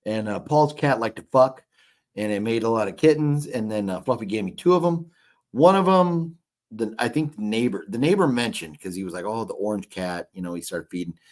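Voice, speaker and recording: A man's voice: on the low side, animated, fairly quick. Profane rambling man in his fifties. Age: 50s. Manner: rambling, profane, reads chat comments aloud. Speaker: livestream host. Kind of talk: casual livestream chat. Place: hotel room.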